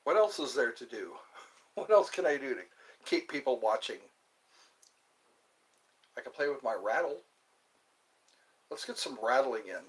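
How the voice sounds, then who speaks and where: A man chatting alone on a livestream, rambling slowly from thought to thought with the odd laugh. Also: medium pitch, lively intonation. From US East Coast. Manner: slow, meandering, talks to himself, laughs. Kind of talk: rambling solo livestream chat.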